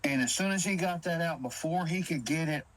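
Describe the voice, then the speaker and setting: Over poor audio, a man with a slightly high voice speaks fairly quickly as a caller recounting a spooky encounter. His casual, animated telling carries a Southern inflection, and he acts out what others said in quoted dialogue.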